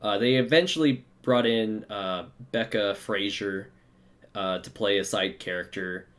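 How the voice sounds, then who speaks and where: A man hosting a podcast in casual chat, explaining quickly and laughing easily. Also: fairly low pitch, a bit bright. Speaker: podcast host.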